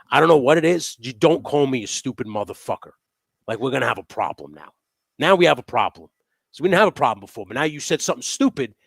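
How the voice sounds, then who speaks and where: A man hosting a casual live chat from his workshop, telling profane, animated stories. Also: medium pitch, gravelly, no echo. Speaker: host. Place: home workshop.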